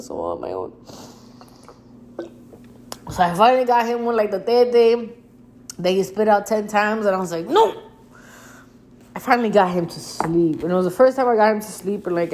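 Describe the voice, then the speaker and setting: A young woman chatting to her viewers as if to a close friend, relaxed and candid, with a casual curse here and there. She acts out her own past lines, jumping much higher in pitch when she quotes herself. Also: a little hiss or hum. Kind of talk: casual storytelling to camera.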